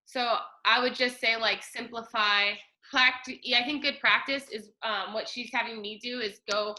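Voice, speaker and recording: A woman's voice: fairly high pitch, fairly even intonation, normal speed, pushed and bright, low-quality recording. A woman chatting casually on a video call, giving peer feedback and often acting out what others said. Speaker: sign language student.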